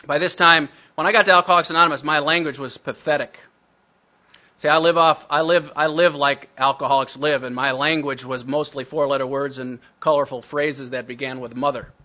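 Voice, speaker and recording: A man's voice: on the high side, fairly even intonation, brisk, sharp tone, dull audio. A man telling his recovery story to a meeting, blunt and self-mocking. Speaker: speaker sharing recovery story.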